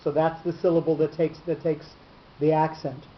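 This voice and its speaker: A man teaching a class on reading marks. He pauses a lot and stumbles over repeated words. The room is echoey, and the recording sounds muffled under a faint hiss. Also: fairly high pitch, flat delivery. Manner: halting, many fillers and repeated words. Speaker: Torah teacher. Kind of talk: explaining cantillation marks in a class.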